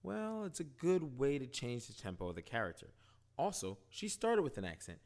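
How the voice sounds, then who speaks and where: A man casually recapping and reviewing a TV episode, animated, asking "right?" often. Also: medium pitch, moderate pace. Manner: animated, retells scenes, quotes characters, frequent "right?". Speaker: show reviewer.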